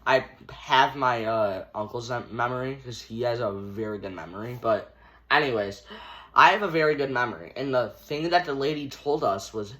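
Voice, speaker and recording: Bright-voiced teenage guy rambling through a story. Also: medium pitch, moderate pace. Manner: rambling, filler-heavy, lots of "like" and "dude"; acts out scenes with hand gestures. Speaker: storytime vlogger. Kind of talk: casual storytelling to camera.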